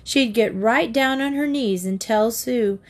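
A woman narrating a children's storybook in a calm, measured reading. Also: fairly high pitch. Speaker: audiobook narrator.

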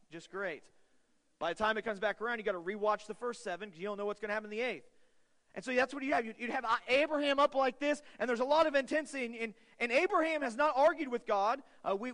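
A male pastor preaching a sermon with an earnest manner, rising to loud, urgent peaks and then dropping to quiet stretches. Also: very high-pitched. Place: church sanctuary. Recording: long hall reverb.

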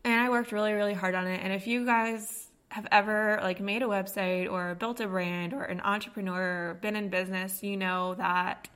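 A woman's voice: medium pitch, fairly even intonation, normal speed, hardly any pauses, a bit bright, clean tone. A woman co-hosting a casual podcast, chatting loosely with lots of fillers and a morning voice. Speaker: podcast co-host. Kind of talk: casual chat. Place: home studio at a kitchen table.

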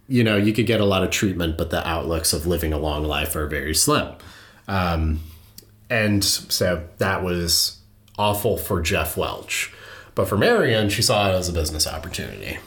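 A man with a lowish voice recounting a true-crime case for his podcast. He talks loosely and casually, scattering fillers and laughing easily. The recording has a noticeable roomy echo. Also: lively intonation, measured pace, a bit bright. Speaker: podcast host.

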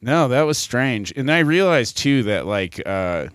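A man's voice: mid-range voice, measured pace, smooth, no room sound, clean studio sound. A man co-hosting a casual comedy podcast, telling stories and acting out other people's voices. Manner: animated, acts out others' voices while storytelling. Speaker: podcast co-host.

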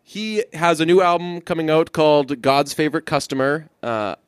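A man's voice: fairly high pitch, moderate pace, clean tone, dry recording, studio quality. A man co-hosting a casual podcast chat, rambling with lots of restarts and casual swearing. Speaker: podcast co-host.

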